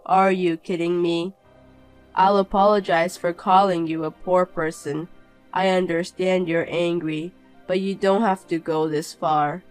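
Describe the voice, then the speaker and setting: A woman voicing a snobbish, cheating rich young man in an animated story, sneering and then pleading. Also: on the low side, a little slow, clear, resonant tone, faint music behind, natural voice, rough recording.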